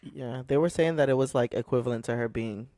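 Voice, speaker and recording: Man, podcast co-host, casual storytelling, checks in with listeners often, mid pitch, dry close sound. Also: fairly quick, dark tone, dry recording. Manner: rambling storyteller, keeps asking "right?". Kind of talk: casual chat.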